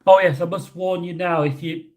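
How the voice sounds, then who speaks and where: A British man casually chatting with his livestream audience and answering chat questions, rambling with many pauses. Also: high voice, fairly even intonation, darkish tone. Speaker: livestream host reading chat. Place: indoors, hotel room.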